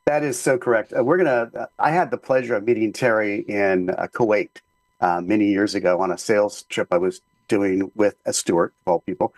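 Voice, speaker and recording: A man's voice: fairly low pitch, no echo. A man who publishes the magazine, co-hosting and telling a travel story in an upbeat way. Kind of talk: casual podcast chat.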